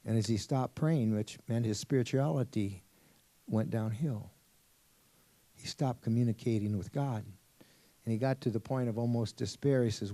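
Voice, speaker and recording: A priest giving a storytelling sermon to teenagers, asking them questions along the way. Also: male voice, lowish voice, a little slow, pauses often, mellow, dry recording. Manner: storytelling, asks the audience questions.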